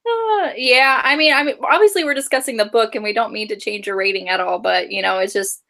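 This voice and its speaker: A woman's voice: fairly high pitch, brisk, sharp tone. A woman co-hosting a casual book club chat. She is chatty, giggles often and fills her speech with "like" and "you know".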